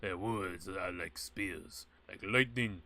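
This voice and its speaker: Man doing a solemn old elder reading a game scroll, slow and grave, low pitch, bright tone. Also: a little hiss or hum, full character voice. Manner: slow, grave, deepened delivery.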